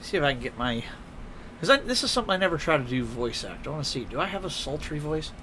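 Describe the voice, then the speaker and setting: A man's voice: a little high, very animated, fast talker, pushed and bright, a little hiss or hum. A man streaming a racing game, laid-back and good-humored in casual chat. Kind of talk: casual chat while gaming.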